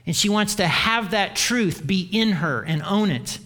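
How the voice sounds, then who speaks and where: High-voiced preacher in an echoing hall. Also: male voice, animated, measured pace, few pauses, bright, forceful tone. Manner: earnest preaching, lets his voice drop low at the end of key phrases. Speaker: pastor. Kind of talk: sermon. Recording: long reverb of a large hall.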